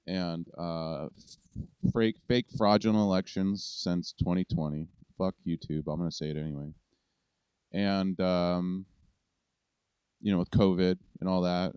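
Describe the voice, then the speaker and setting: A deep, smooth-voiced man rants about politics in a rambling, indignant way, cursing as he goes. His voice is close and dry, and the sound is a little dull and lo-fi. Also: darkish tone, dry recording. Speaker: political commentary host. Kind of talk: casual ranting commentary.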